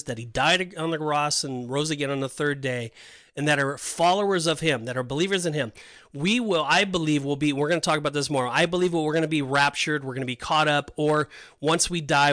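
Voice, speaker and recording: On a podcast he co-hosts, a man rambles loosely through Bible passages, restarting often and explaining with scripture references. His voice sits on the high side with a sharp tone, and there's no echo.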